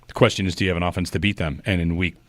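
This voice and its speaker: A man's voice: sits low, very fast, no room sound. A man co-hosting a sports radio show in a studio, teasing his partner and reading call-in numbers and promos. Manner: animated, teasing, reads phone numbers and promos. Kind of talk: casual sports radio banter. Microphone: studio microphone.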